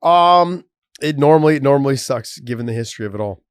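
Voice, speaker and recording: A man's voice: mid-range voice, lively intonation, fast, clear, resonant tone, no room sound, studio quality. A man co-hosting a sports podcast in loose, casual chat, swearing freely. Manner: loose, swears casually, reads sponsor promo. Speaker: podcast co-host.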